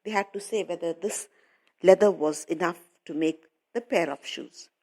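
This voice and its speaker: A woman's voice: lowish voice, normal speed, mellow. A woman English teacher explaining a story to schoolchildren, patiently repeating and paraphrasing while calling them children.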